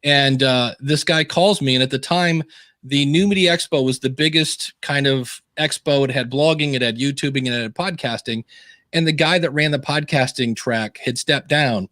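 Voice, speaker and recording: A chatty man from Ohio, a podcast guest, tells stories in a casual interview over a video call, acting out the quoted voices with animation. His voice is mid-range at a moderate pace, and the sound is clean and studio-like with no echo.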